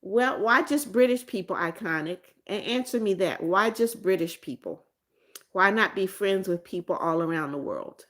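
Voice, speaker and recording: A woman's voice: medium pitch, lively intonation, normal speed, fairly bright tone. A middle-aged woman from the United States hosting a casual livestream, chatting and reading viewer comments aloud, often repeating greetings and names. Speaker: livestream host.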